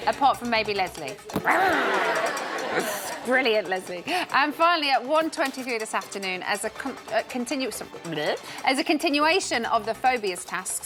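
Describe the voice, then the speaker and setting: A woman presenting a live studio show, giggly and tripping over her words. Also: a little high. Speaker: host. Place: TV studio with audience. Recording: loud music and crowd behind.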